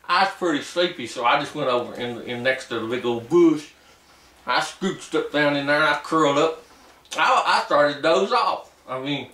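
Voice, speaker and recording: A man's voice: a little high, bright, forceful tone, far from the mic. A man doing a boastful, simple-minded backwoods ex-soldier. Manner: rambling folksy storytelling, ungrammatical rural dialect. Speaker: comic character. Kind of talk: comic character monologue. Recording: roomy echo, voice away from the mic.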